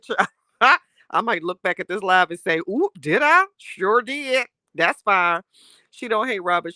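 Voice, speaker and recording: With a mid-range voice captured in clean studio sound without any room reverb, a woman chats through a casual livestream, responding to chat. She's sassy and animated, often laughing, and speaks in Southern Black American slang.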